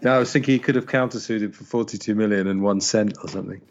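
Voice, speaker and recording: A lower-voiced man co-hosting a music podcast, thoughtful and a little hesitant. His audio sounds dull and lo-fi, as if from a weaker mic. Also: steady tone, slight background noise. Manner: measured, reflective, hesitant fillers. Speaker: podcast co-host and radio show host. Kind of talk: casual music podcast chat.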